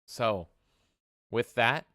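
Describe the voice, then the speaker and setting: A man co-hosting a gaming podcast in a casual chat, excitable and quick to swear, with rapid exclamations. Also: medium pitch, no echo, clean studio sound. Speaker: podcast co-host.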